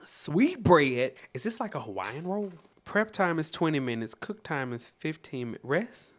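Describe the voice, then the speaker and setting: Animated Southern American man reviewing cookbooks. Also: normal speed. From Southern United States. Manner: animated, chatty, reads aloud and reacts with sudden high exclamations. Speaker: host. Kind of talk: casual cookbook review vlog.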